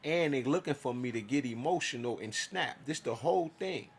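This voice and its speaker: A man's voice: mid-range voice, lively intonation, normal speed, slight background noise. A man telling his own story in a casual, profane monologue, acting out his side of conversations.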